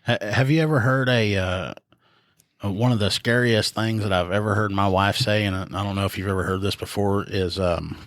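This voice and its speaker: A lower-pitched man chatting casually on a podcast, laughing a lot as he tells stories. The sound is dry and close, with no room around it. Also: steady tone, fairly quick, no echo. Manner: laughs often, tells stories with quoted lines. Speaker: podcast co-host. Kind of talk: casual chat.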